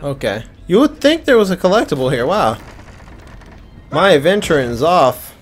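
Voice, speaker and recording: A man's voice: fairly high pitch, sing-song, normal speed, soft background music. A tired young man giving casual, rambling gameplay commentary. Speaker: gamer.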